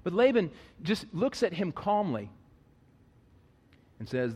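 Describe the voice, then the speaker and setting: A man preaching a sermon, animated, jumping from loud, high-pitched bursts to low, quiet asides. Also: slow, pauses often, husky. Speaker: pastor. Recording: long reverb of a large hall.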